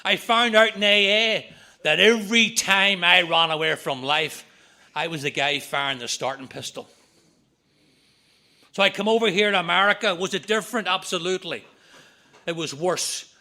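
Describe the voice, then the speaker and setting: A middle-aged man with a Northern Irish accent telling his recovery story at a meeting, with quick jokes and punchlines. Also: high-pitched, pushed and bright. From Northern Ireland. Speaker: AA speaker.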